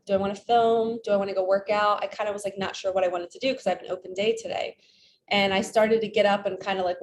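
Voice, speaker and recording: A woman talks as a spiritual coach in a relaxed, chatty vlog. She tells everyday stories and acts out her own inner questions as she goes. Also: mid-range voice, a little hiss or hum. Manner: chatty, retells stories with quoted self-talk. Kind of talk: casual vlog storytelling.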